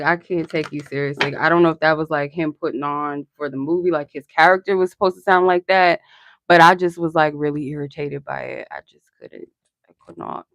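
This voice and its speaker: A woman's voice: low voice, slight background noise. A young woman hosting a live-stream tarot reading, chatty and rambling, answering her chat and laughing often.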